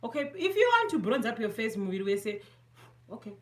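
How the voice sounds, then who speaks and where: A woman's voice: a little high, very animated, a little fast. A woman from Zimbabwe with a Zimbabwean accent, chatting casually through a makeup tutorial, self-mocking and mixing English with Shona. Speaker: beauty vlogger.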